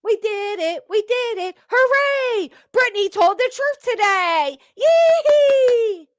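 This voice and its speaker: A woman putting on a giddy, gloating woman who cheers and whoops in a shrill, squealing voice. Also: sing-song, takes it slowly, exaggerated voice.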